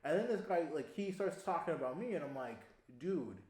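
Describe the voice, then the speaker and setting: Animated young man telling a story. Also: a little high, fairly quick. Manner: animated, laughs often, swears casually. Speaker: podcast co-host. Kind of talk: casual storytelling chat. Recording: echoey room.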